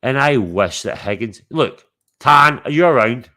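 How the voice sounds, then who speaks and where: A man's voice: mid-range voice, lively intonation, unhurried, sharp tone. A man hosting a livestream, chatting casually to his chat, teasing and swearing freely. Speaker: livestream host.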